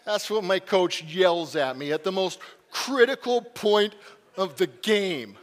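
A pastor with a fairly high male voice tells a story from the pulpit, swinging between lively bursts and hushed, quiet passages. His voice rings out with a long hall reverb behind it. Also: slow pace. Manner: animated storyteller, dropping to a hushed voice for calm moments. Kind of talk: sermon storytelling.

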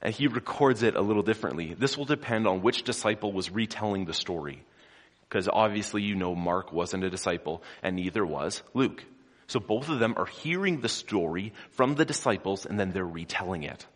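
A man preaching a sermon, telling the story dramatically and swinging between loud, forceful passages and hushed ones, often putting questions to his congregation. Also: fairly low pitch, animated, brisk. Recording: long hall reverb.

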